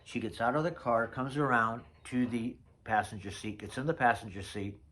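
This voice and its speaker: A man's voice: mid-range voice, steady tone, normal speed, fairly bright tone. A man in his sixties telling rambling, chatty stories about old notes from his past. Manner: chatty storyteller, drifts off mid-thought. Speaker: vlogger. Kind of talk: casual reminiscing vlog.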